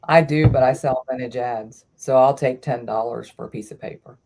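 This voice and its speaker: A woman chatting as a guest reseller on a live stream, relaxed and quick with short agreeing replies. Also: rumbling low, slight background noise. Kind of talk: casual live-stream chat.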